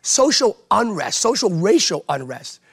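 A pastor preaching with fervor, his high voice carrying a gravelly edge. He hammers his points home by repeating phrases over and over, sermon-style, even in conversation. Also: measured pace. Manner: emphatic, repeats phrases for rhetorical effect.

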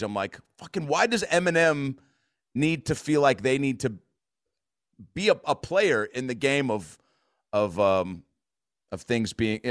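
American guy, 30s, middle pitch, loose and profane chat-show rambler, dry close sound. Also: dry recording. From United States. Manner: rambling, profane, animated storytelling. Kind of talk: casual chat.

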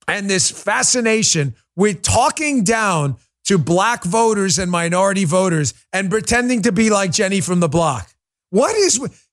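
A man's voice: high-pitched, a bit bright. Exasperated ranting male host. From New York City. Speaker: podcast host. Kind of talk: political commentary show.

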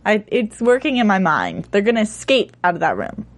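A chatty woman on a casual TV discussion panel with a voice of ordinary pitch. She talks loosely and speculates freely. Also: huge pitch swings, a little fast.

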